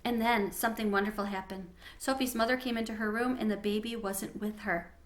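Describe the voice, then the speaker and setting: A woman reading a children's chapter book aloud in an expressive, gentle way. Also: medium pitch, fairly quick. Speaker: storybook reader.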